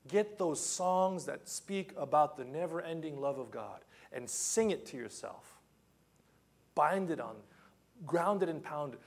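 A man with a fairly high voice preaching a sermon. He is animated and emphatic, hammering home repeated phrases, then falling to soft, hushed asides. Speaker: pastor.

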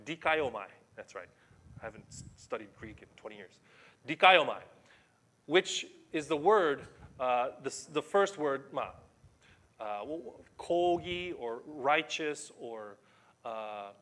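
A middle-aged male pastor delivers a sermon at an unhurried, measured pace. His voice is bright and forceful, with an emphatic, conversational way of preaching. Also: fairly high pitch.

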